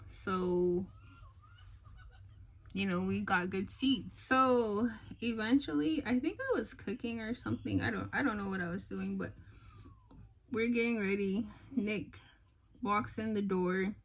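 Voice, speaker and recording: A young woman tells a personal story to her camera in an easy, chatty way. She is animated and jumps into other people's lines as she goes, with plenty of fillers. Her voice sits at an ordinary middle pitch. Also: measured pace, pauses often, low-quality recording. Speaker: vlogger. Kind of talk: casual storytelling.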